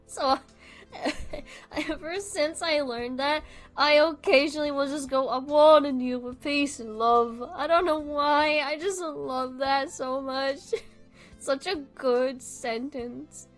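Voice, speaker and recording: A high-pitched woman chats on her livestream at an unhurried pace, swearing freely and breaking into giggles. Faint music plays softly behind her. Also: fairly even intonation. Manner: giggly, swears often, frequent laughing fits. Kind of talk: casual stream chat.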